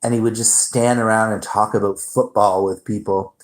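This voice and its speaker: A man's voice: lowish voice, level tone, moderate pace, low-quality recording. A man hosting his own livestream, chatting casually and telling a rambling story with some swearing. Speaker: livestream host.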